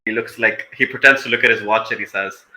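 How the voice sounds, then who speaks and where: A man's voice: on the low side, fairly even intonation, fast, pushed and bright, reverberant, rough recording. A man playing a tabletop role-playing game, describing his character's actions and speaking its lines with many fillers. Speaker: player.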